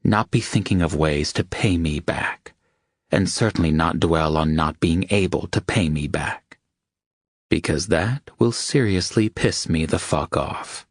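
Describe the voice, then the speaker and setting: Man playing a stern commanding lover, very low voice, firm and profane, dry close audiobook sound. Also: measured pace, no echo. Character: commanding, protective wealthy man, blunt and stern.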